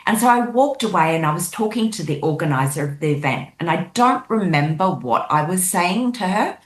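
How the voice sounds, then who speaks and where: A woman, a guest on a show, recounting a dream in lively storytelling style and acting out the people in it. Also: lowish voice, fairly quick. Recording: echoey room.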